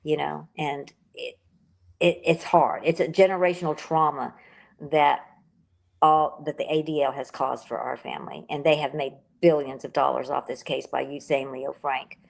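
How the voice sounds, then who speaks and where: Low gravelly older woman. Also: steady tone, normal speed. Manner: rambling, emotional, self-correcting. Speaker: author and interview guest. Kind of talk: casual interview talk.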